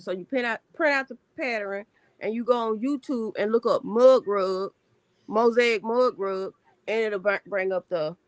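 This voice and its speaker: A woman's voice: on the high side, no echo. A woman with a country American accent demonstrating crochet stitches on a livestream, explaining step by step and repeating her points. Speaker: crafter guest. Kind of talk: casual crafting demonstration.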